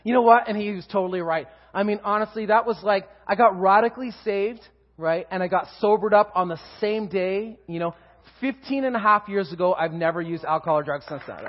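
High-voiced man sharing his testimony. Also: a little fast, highs cut off. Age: 40s. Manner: emotional, animated storytelling with laughter and swings in loudness. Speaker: guest speaker giving testimony. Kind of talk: personal testimony in church.

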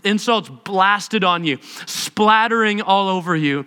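A male preacher with a high, bright, clear voice, telling the story with animated emphasis and repetition. His sermon carries long reverb in a church hall. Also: slow pace, slight background noise. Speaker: pastor.

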